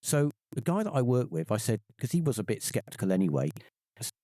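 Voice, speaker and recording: A podcast guest, a middle-aged man, briskly relates a personal story in a casual way, animatedly impersonating the people involved in a higher-pitched voice. The sound has no echo.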